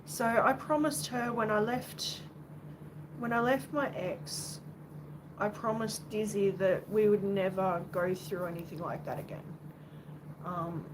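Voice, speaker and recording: A woman's voice: mid-range voice, unhurried. A young Australian woman from Western Australia chatting casually on a livestream at home, rambling and swearing now and then, and talking to her cat. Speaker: livestream host. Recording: noisy background.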